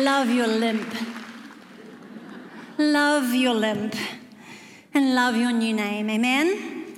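A woman delivers a sermon with a high, bright voice, leaning hard into emphasis and acting out the quoted lines. Her voice rings through a large hall with a long, trailing reverb. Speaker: preacher.

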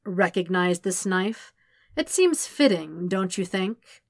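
A woman's voice: fairly low pitch, lively intonation, slow pace, no room sound, studio quality. A woman voicing a smug, gloating male naval commander in an audiobook reading of fan fiction.

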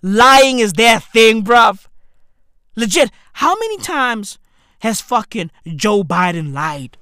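Shouty swearing man. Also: high-pitched, sing-song, slow, clear, resonant tone, dry recording, clean studio sound. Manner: loud swearing slang-heavy, jumps to shouts. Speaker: comedic ranter. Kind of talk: profane comedic rant.

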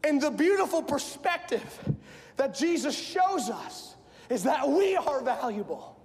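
Male pastor, animated shouting preacher, gravelly, long church reverb. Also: very high voice, measured pace. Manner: animated, often shouting storyteller. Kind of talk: sermon. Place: church sanctuary. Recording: echoey church hall.

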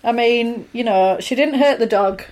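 A woman's voice: on the high side, normal speed, darkish tone. A woman in casual chat, wryly recapping a film with a chatty, easygoing delivery. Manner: chatty, wry, lots of fillers.

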